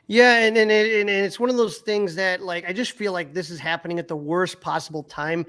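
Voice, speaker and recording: A middle-aged man with a fairly high voice talks casually on a sports podcast. He reels off numbers, stumbles over restarts and fills pauses with "um". The sound is dry and close, with no room around it. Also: fairly even intonation, fairly bright tone, clear, resonant tone, no echo. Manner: reels off stats with fillers and restarts. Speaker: podcast co-host.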